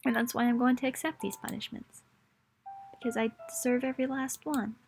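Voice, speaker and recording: A young woman voicing a sad, self-blaming teenage girl, reading game dialogue aloud in a soft, halting way. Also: a little high, steady tone, vocal fry, slight background noise.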